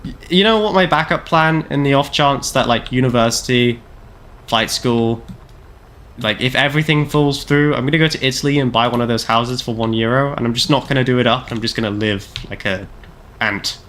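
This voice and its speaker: This man's mid-range voice is brisk and a bit bright. In his twenties and from Canada, he's chatting during a gameplay livestream, wandering from topic to topic, joking at his own expense and saying "like" constantly.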